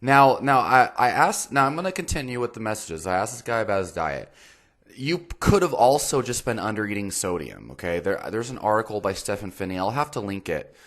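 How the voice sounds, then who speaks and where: Blunt, deep-voiced male fitness host. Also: big pitch swings, brisk, a bit bright. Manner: blunt, exasperated, swears freely. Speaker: fitness and nutrition channel host. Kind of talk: casual commentary reviewing a viewer's message.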